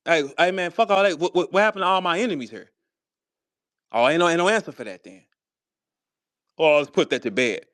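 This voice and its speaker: Confrontational male host, high-pitched and profane, bouncing between taunts and laughter; dry sound. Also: animated, fast talker, fairly bright tone, no echo. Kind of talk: heated live audio chat. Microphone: online audio room.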